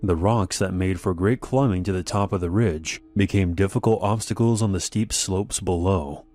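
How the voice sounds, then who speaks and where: A man narrating an animated horror story in a measured, slow storytelling manner. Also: deep voice. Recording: faint background music.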